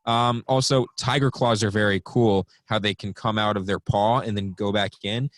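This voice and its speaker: A man's voice: on the low side, fairly even intonation, moderate pace, no echo. Young male podcast co-host, rambly and offhand, dry close sound. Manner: rambling, reads from notes with many ums. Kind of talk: casual podcast chat.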